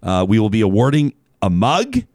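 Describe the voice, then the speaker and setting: A man's voice: on the low side, huge pitch swings, normal speed, darkish tone, no echo, clean studio sound. A man hosting a casual talk show, reading out a listener email and wandering off on tangents.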